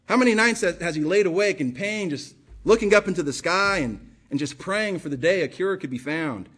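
Male pastor, sermon delivery, husky tone, pitched a bit high, impassioned and repetitive for emphasis. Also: expressive, brisk, hardly any pauses, a bit bright. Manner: impassioned, rhetorical questions, repeats phrases for emphasis.

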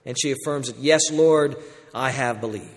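A pastor preaching a sermon, shifting between loud, urgent exhortation and quiet, intimate passages. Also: male voice, mid-range voice, moderate pace, long reverb tail.

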